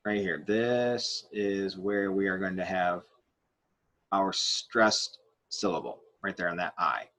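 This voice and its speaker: A man with a fairly low voice gives a grammar lesson. He explains step by step as he writes on a board, often pausing with fillers and restarting his sentences. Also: a bit bright. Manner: writes on a board while talking. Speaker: Spanish teacher.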